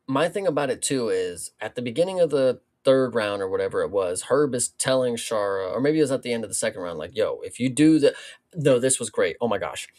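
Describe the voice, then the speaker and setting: A man's voice: mid-range voice, lively intonation, fairly quick, darkish tone. A man co-hosting a fight review podcast, retelling moments in a fired-up, swearing way. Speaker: podcast co-host. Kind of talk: casual fight review chat.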